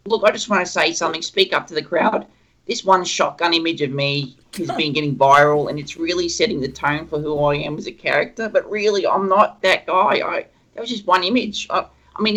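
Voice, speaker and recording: A man's voice: high voice, pushed and bright, pitched above the performer's own voice, full character voice, rough recording. A man putting on a meek whiny Australian creature. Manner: rambling, self-deprecating, hesitant. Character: meek whiny little male creature, self-pitying.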